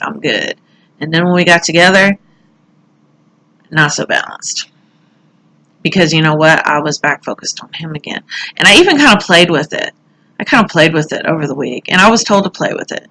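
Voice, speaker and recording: A woman's voice: low voice, sharp tone, poor audio. A middle-aged woman talking casually through a tarot reading, chatty and candid, now and then swearing or laughing at herself. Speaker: tarot reader.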